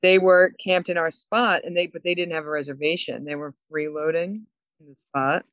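Woman co-host, animated storyteller, laughs a lot, dry dull lo-fi sound. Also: fairly low pitch, no echo. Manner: animated storyteller, laughs often, quick asides. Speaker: podcast co-host. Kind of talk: casual chat.

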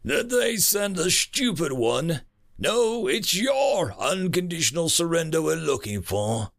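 A man doing a sneering high-voiced alien leader. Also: big pitch swings, unhurried, gravelly, fairly bright tone, heavily acted. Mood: mocking. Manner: contemptuous, mocking.

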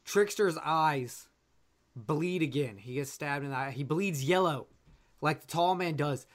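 A man co-hosting a casual podcast about a movie, talking with many pauses and fillers and coughing now and then. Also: on the high side. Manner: hesitant, lots of uh and um. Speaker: podcast co-host. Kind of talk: casual film discussion.

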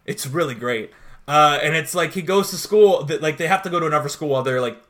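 Young male podcast co-host, chatty and rambling, retells scenes in voices, slightly higher voice. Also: quick pace, a bit bright. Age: 20s. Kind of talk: casual chat.

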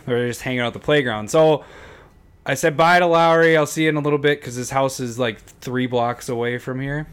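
A man in his thirties co-hosts a casual podcast, talking at an easy middle pitch. He tells stories with animated bursts and laughs often between his lines. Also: a little fast, smooth. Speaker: podcast co-host.

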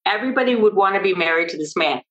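An older woman, an expert guest on an interview podcast, explaining emphatically and telling lively stories. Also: mid-range voice, racing, lo-fi sound. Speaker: maternal mental health expert guest.

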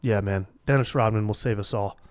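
A man's voice: on the low side, fairly quick, a little mellow, faint music behind. Rambling, profane podcast guy. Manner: casual, rambling, profane, says dude a lot. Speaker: podcast host. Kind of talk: freestyle solo podcast monologue. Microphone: podcast microphone.

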